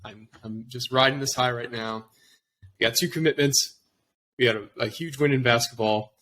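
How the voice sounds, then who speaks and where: A man's voice: mid-range voice, steady tone, moderate pace, fairly bright tone. A man co-hosting a sports podcast, talking in an enthusiastic, casual way and leading the conversation. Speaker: podcast co-host.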